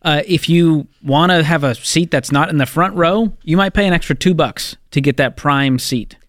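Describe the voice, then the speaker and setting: Wry, higher-voiced man co-hosting a studio show. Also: a bit bright, dry recording. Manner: wry, joking, quick asides. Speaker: co-host of a call-in money show. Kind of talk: casual studio banter.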